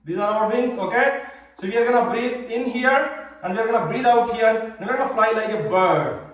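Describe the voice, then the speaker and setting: A man's voice: high voice, normal speed. A man teaching a live online yoga class for children, giving cheerful, simple step-by-step cues. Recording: very echoey room, voice far from mic.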